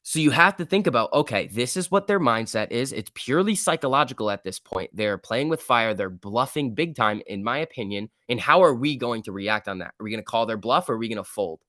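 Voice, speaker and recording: A young man hosting a live stock-market stream, talking in an emphatic, excitable rant. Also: medium pitch, brisk, few pauses, dry recording, studio quality. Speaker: livestream host.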